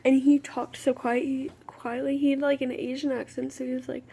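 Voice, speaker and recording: A woman's voice: high voice, fairly even intonation, fast talker, vocal fry, warm tone, breathy edge. A woman, telling a rambling, exasperated story in a casual vlog. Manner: rambling, exasperated, full of "okay" restarts. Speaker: vlogger.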